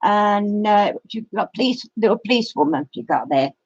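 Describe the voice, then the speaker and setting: A woman's voice: medium pitch, animated, a little fast, slightly rough, no room sound. A middle-aged woman, telling a long story in a casual live-stream chat. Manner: rambling storyteller. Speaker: craft channel host. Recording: dry, muffled lo-fi sound.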